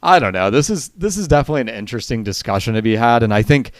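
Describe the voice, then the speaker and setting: A man's voice: medium pitch, big pitch swings, rapid-fire, dry recording, clean studio sound. A man co-hosting a casual gaming podcast, thinking aloud and rephrasing his points as he goes. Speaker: podcast co-host.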